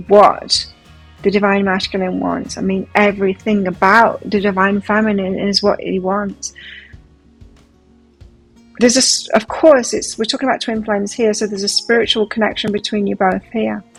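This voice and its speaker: A woman's voice: mid-range voice, steady tone, moderate pace, husky, faint music behind, low-quality recording. A woman giving a pick-a-card tarot reading, talking to the viewer as she turns cards and exclaims over them. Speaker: tarot reader.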